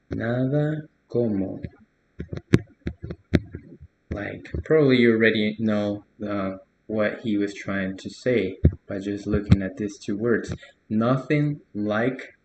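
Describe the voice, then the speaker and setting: Slow, hesitant young man tutoring. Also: fairly low pitch, roomy sound, highs cut off, slight background noise. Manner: relaxed, hesitant, many fillers, soft laughs. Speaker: language tutor. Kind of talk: casual correction of a learner's post.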